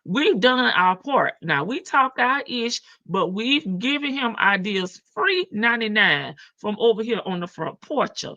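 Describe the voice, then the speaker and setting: Laughing Southern woman, gravelly bright voice. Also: fairly high pitch, expressive, unhurried, hardly any pauses, lo-fi sound. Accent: Southern US country. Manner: chatty, laughs often, drawls in a country way. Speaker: livestream reaction host. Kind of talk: casual live chat reading comments.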